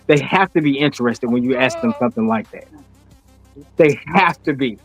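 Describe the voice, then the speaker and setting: A man co-hosting a podcast, telling a wry, playful pitch in casual chat. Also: moderate pace, faint music behind. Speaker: podcast co-host.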